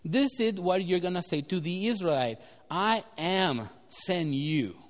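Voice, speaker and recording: A man's voice: sits high, expressive, a little slow. A man voicing God giving firm commands, recorded in an echoey hall. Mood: solemn.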